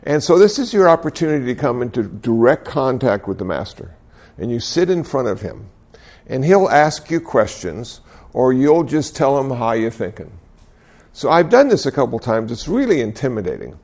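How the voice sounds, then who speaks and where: Gravelly older man giving a dharma talk. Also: mid-range voice, sing-song. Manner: gently humorous storytelling with self-deprecating chuckles; reflective, unhurried. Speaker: Buddhist speaker.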